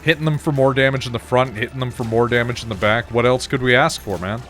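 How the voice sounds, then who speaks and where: A man's voice: mid-range voice, fast talker, fairly bright tone, faint music behind. Laid-back man streaming a game. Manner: loose, profane, chatting with viewers. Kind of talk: casual gameplay commentary.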